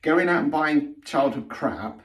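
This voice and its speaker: A man's voice: fairly high pitch, animated, unhurried, far from the mic. Blunt man, roomy and off-mic. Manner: blunt and sweary, keeps tagging lines with "okay?". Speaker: spiritual healing vlogger. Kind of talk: blunt direct-to-camera monologue.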